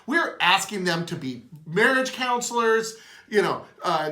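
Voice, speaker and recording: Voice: mid-range voice, expressive, unhurried, sharp tone. Impassioned speaker in an echoey room. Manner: earnest, impassioned, emotional. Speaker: host. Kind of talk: opinion monologue.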